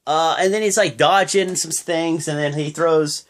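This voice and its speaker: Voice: mid-range voice, steady tone, moderate pace. Rambling casual wrestling recap vlogger. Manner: rambling, filler-heavy, loose and chatty.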